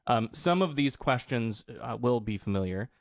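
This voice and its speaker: A man hosting an interview podcast in a studio, talking in a relaxed, conversational way. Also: mid-range voice, no room sound. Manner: relaxed, conversational, quick affirmations. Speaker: podcast host. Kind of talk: casual interview.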